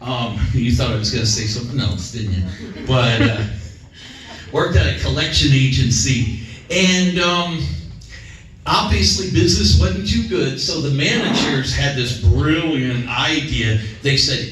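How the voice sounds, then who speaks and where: A man's voice: mid-range voice, animated, measured pace, fairly bright tone, a little hiss or hum. A man doing a stand-up set, rambling and self-deprecating with many fillers, on a comedy club stage. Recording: echoey club from far off.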